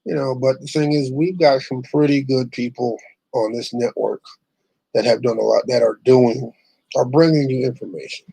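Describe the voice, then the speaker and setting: A man's voice: mid-range voice, fairly even intonation, normal speed, vocal fry, warm tone, slightly rough, dry recording, poor audio. Blunt, profane ranting man. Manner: blunt, profane, rambling with restarts. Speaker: online show host. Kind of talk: casual ranting monologue.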